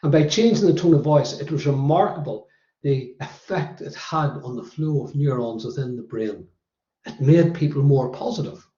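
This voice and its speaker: Northern Irish male workshop presenter, mellow higher voice, emphatic, counts off points; roomy, dull recording. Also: normal speed. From Northern Ireland. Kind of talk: motivational workshop talk.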